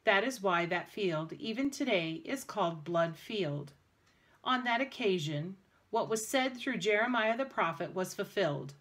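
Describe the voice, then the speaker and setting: A woman reads scripture aloud, even and measured. Her voice sits in an ordinary middle range. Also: medium pitch. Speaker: scripture reader. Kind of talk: prerecorded scripture reading.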